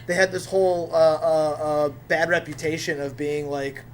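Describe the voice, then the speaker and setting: A man with a slightly high voice talks in a casual chat about movies, animated and opinionated, dropping the odd swear. A faint noise sits under his voice. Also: moderate pace. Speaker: podcast host.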